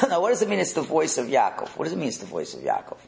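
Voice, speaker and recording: A middle-aged man leading a religious text class, animated, firing rhetorical questions and repeating words. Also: a little high, fast, gravelly, roomy sound, a little hiss or hum, poor audio. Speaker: religious teacher.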